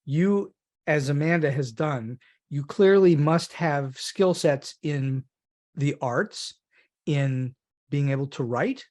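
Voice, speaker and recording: A male podcast host with a fairly high-pitched voice. He talks with emphatic, animated reactions as he interviews a guest. The sound is that of a podcast mic. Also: takes it slowly. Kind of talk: interview conversation.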